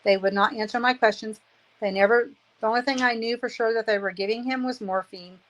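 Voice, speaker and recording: A woman's voice: on the high side, steady tone, a little fast, a bit bright, rough recording. A woman in her fifties giving an emotional personal testimony, aggrieved and earnest, repeating phrases for emphasis. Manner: aggrieved, indignant.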